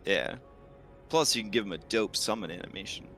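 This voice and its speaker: A man narrates a tabletop game as its game master. His voice is bright and forceful but pitched a little low, and he talks loosely with plenty of fillers. Faint music plays underneath. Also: brisk. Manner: relaxed, filler-heavy narration.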